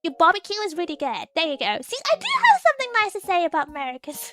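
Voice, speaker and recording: A woman chatting casually with her live chat as a streamer host, giggly and excitable, laughing often as she talks. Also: very high-pitched, fast talker.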